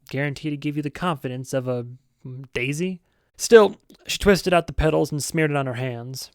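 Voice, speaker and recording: A man narrating a novel as an amateur audiobook reader, steady and with self-aware asides. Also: medium pitch, clean tone, dry recording, studio quality.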